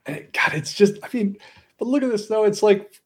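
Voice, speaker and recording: A man co-hosting a podcast, chatting casually and enthusiastically about comic art, breaking into excited exclamations. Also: sits high, brisk. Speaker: podcast co-host.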